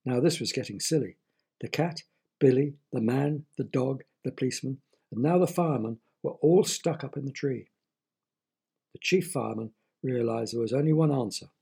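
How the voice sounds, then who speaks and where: A man's voice: mid-range voice, normal speed, creaky, dark tone, slightly rough. A man telling a children's story, playful and asking the young listeners questions.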